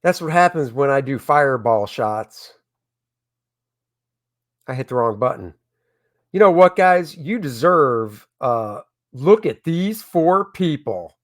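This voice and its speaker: A man who makes comics, chatting excitedly with viewers on a casual crowdfunding livestream from home. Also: mid-range voice, takes it slowly. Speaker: comic creator hosting a crowdfunding stream.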